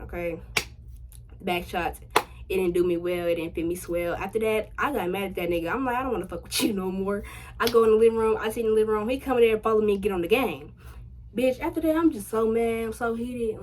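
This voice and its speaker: Chatty, profane young woman telling a story. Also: slight background noise. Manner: chatty, slangy and profane, addressing viewers directly; animated, rising loud and high when excited. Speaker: vlogger. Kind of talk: casual storytime vlog.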